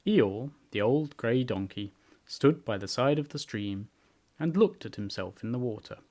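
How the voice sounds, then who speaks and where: A man's voice: medium pitch, a little mellow. Man expressively reading a storybook aloud. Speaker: reader, show host.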